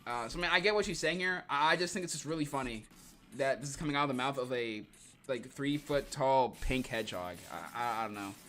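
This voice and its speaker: Joking young male streamer, bright voice. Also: mid-range voice, a little fast, faint music behind. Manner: rambling, joking, laughs often. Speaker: streamer reading comics. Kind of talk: casual livestream commentary.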